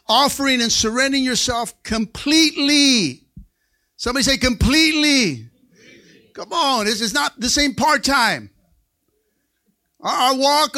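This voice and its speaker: A man preaching a Pentecostal sermon in a church. He calls for amens and rises to excited shouts. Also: very high voice. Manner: call-and-response preaching, asks for amens. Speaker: pastor. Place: church sanctuary.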